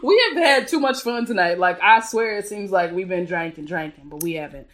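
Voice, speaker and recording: A woman's voice: lowish voice, brisk, fairly bright tone. A woman co-hosting a podcast, ranting bluntly and profanely in casual chat with her partner. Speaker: podcast co-host.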